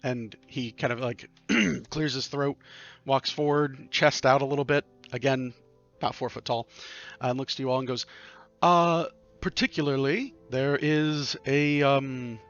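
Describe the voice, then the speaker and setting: A man's voice: mid-range voice, fairly even intonation, moderate pace, creaky, a bit bright. Man game master, casual rambling narration, muffled stream audio, faint music. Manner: loose, filler-heavy narration.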